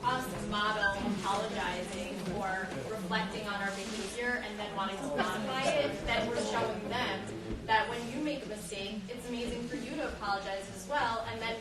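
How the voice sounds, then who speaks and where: A woman speaking as a guest at a parenting talk, calmly explaining a point to a live audience. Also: medium pitch, fairly quick. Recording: echoey hall, far mic, loud crowd.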